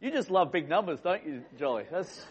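Running a playful quiz for a room of people, an Australian host teases and chats with everyone present. His voice is a little high and expressive, and he talks a little fast. The recording sounds muffled and lo-fi.

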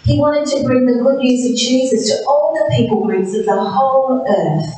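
A woman with a slightly high voice tells a Bible story slowly and deliberately, pausing after each short phrase. She sounds distant from the mic in a very echoey room. A faint hiss sits underneath her voice. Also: warm tone. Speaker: narrator. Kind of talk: scripted Bible story narration.

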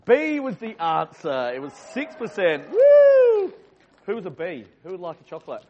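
With a slightly high, sing-song voice and a fairly quick delivery, this Australian quizmaster chats with and teases his live group. Background noise fills the muffled, lo-fi recording. His manner is playful banter throughout.

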